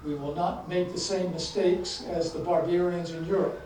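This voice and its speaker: A man's voice: sits high, level tone, moderate pace, mellow, slight background noise, natural voice. A man voicing an earnest, idealistic young man who pleads his case eagerly, read in an echoey hall. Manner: eager, persuasive. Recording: echoey hall, mic from far off.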